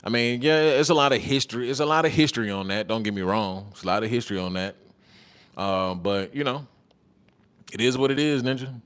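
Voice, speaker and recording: A man chats on a livestream in an easygoing, slangy way. He reads out viewer comments and riffs on them, repeats his own lines and laughs often. His voice sits at an ordinary male pitch. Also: a little fast, a bit bright. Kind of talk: casual livestream chat.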